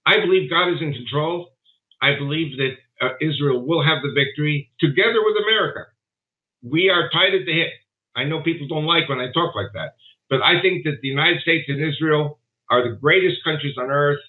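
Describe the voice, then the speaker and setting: A man's voice: fairly high pitch, fairly quick. A man being interviewed remotely, talking emphatically and wandering from point to point as he makes his case. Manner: emphatic, digressive storytelling. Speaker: guest commentator. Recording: tinny phone-like line.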